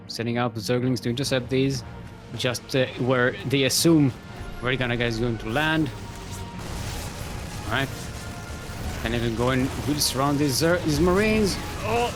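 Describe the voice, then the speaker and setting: A man casting a live strategy-game match, chatty and joking, reading out viewer chat as he goes. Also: medium pitch. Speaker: esports caster.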